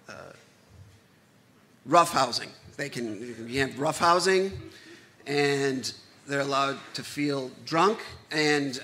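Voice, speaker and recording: A man's voice: a little high, sharp tone. A man in his thirties telling a true personal story live on stage, candid and conversational with self-deprecating humor.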